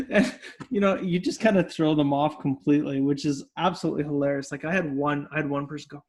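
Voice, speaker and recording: A man's voice: on the high side, fast, a little mellow. A young man from Canada co-hosting a casual podcast chat, telling jokey stories and laughing often. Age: young adult. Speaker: podcast co-host.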